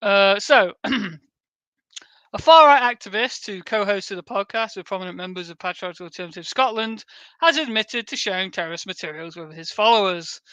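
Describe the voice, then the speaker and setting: A man's voice: high voice, pushed and bright, no echo. A man reading an article aloud on stream, breaking off for sarcastic, sweary asides.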